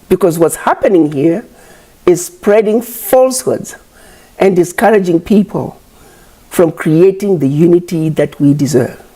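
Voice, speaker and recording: A woman's voice: on the low side, warm tone, husky. A woman giving an impassioned public address, scolding her critics with repeated rhetorical questions.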